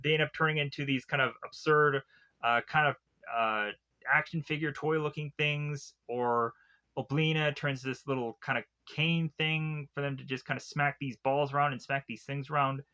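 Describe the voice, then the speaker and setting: A man's voice: on the high side, steady tone, normal speed, pushed and bright. A man recapping a cartoon episode in a casual, rambling way, full of filler words. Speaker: cartoon reviewer.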